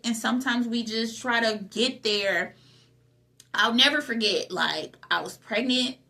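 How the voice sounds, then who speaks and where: A young adult woman who hosts her own channel speaks in a bright, pushed, mid-range voice. She delivers an emphatic motivational talk on spiritual growth, repeating phrases and posing rhetorical questions.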